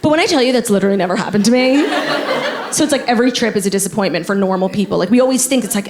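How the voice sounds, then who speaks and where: A female stand-up comedian with a mid-range voice and a chatty, casual delivery full of "like". Clear background noise sits under the recording. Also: mid-range voice, very fast. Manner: chatty, peppered with "like".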